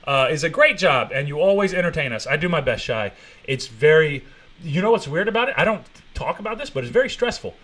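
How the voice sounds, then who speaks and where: A man live-streaming a reaction commentary, swearing freely and mocking, with sudden loud outbursts. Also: a little high, big pitch swings, brisk.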